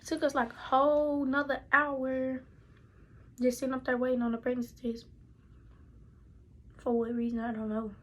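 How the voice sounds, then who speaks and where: A woman's voice: high-pitched, flat delivery, normal speed, long pauses. A young woman telling a personal story in a casual, chatty way, talking directly to her viewers. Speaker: vlogger.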